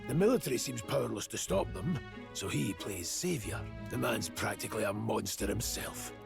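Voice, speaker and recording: An actor playing a stern, ruthless mercenary leader in a video game, speaking gravely and deliberately, with game music behind. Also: male voice, lowish voice, lively intonation. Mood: grim. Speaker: game character.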